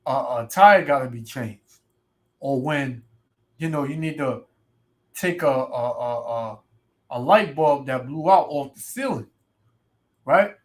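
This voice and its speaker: A man preaching in a ranting way, reading scripture slowly and adding "man" and "right" to nearly every line. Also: mid-range voice, expressive. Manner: reads scripture slowly and loudly. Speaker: street preacher. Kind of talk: ranting sermon video.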